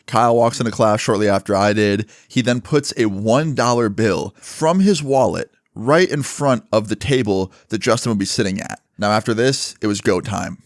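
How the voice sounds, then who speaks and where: A man's voice: lowish voice, no echo, clean studio sound. Casual, chatty male storyteller. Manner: casual, chatty, swears freely.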